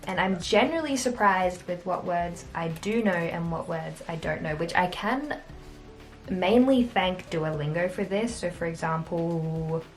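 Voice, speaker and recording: Brief: young Australian woman, laid-back vlogger, lower register, faint music underneath. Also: measured pace. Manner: chatty, self-deprecating, laughs often. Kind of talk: casual chat to camera.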